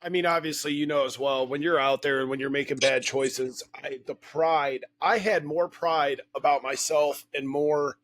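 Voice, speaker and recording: A man's voice: on the high side, steady tone, normal speed, hardly any pauses, fairly bright tone. Blunt, swearing man in his forties hosting. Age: 40s. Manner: blunt, profane, conversational. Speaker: podcast host. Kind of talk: casual podcast interview.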